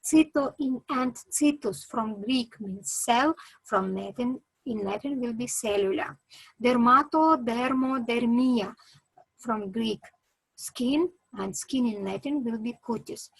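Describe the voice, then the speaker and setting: Slow, husky-voiced woman lecturer with a Kyrgyz accent. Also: a little high, dry recording, rough recording. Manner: slow and halting, many "uh" fillers, lists terms. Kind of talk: reading a terminology lesson.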